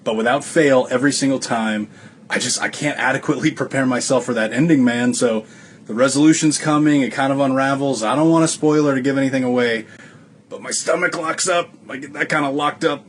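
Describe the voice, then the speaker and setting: Man speaking with halting sincerity. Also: mid-range voice, a little hiss or hum. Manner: halting, heartfelt, with many fillers. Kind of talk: casual reflective talk.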